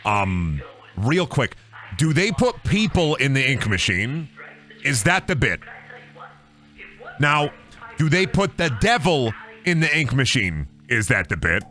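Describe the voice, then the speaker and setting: A gaming streamer chats casually over his gameplay, cracking jokes, swearing, and slipping into silly sing-song voices. His medium-pitched voice has a sing-song lilt, and he talks slowly with long pauses. The tone is bright and forceful.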